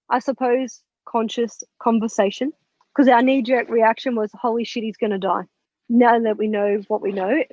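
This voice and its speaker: A woman's voice: fairly high pitch, darkish tone, dry recording, dull audio. A woman in her thirties, a podcast guest, telling a personal story with feeling and swearing freely as she voices her past thoughts.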